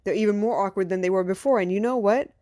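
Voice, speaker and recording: A woman's voice: mid-range voice, fast talker, warm tone, no room sound. A woman delivers an earnest motivational monologue as a podcast host, pressing her listeners with rhetorical questions. Her voice sits in an ordinary middle register. The recording is dry and close, with no room sound. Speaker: mother.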